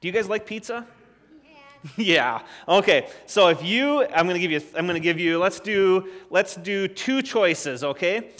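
A man leading a children's sermon as a pastor, gentle and encouraging, often restarting his sentences. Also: sits high, expressive, a little slow, big-room sound. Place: church sanctuary.

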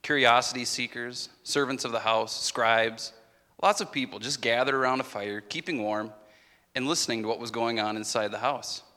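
A man's voice: medium pitch, fairly even intonation, normal speed, pushed and bright. A man delivering a dramatic first-person monologue as a disciple, anguished and confessional. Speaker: actor in a Passion monologue. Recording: reverberant hall.

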